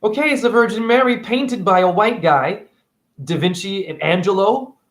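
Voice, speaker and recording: A man speaks to camera in a voice that sits a little high for his sex. He rambles from point to point, preaching and swearing freely as he goes. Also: normal speed, a bit bright. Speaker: spiritual video blogger.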